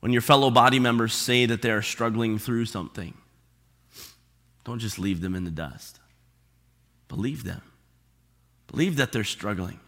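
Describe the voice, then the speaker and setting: A man preaching a sermon as pastor, stressing and repeating key phrases slowly for emphasis. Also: mid-range voice, a bit bright. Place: church sanctuary. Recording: long hall reverb.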